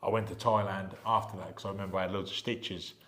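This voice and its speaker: A middle-aged man, a retired boxer from England, telling animated stories as a podcast guest and acting out the voices of the people in them. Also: low-pitched, quick pace, echoey room. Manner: animated anecdotes, acts out quoted voices. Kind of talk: casual storytelling chat.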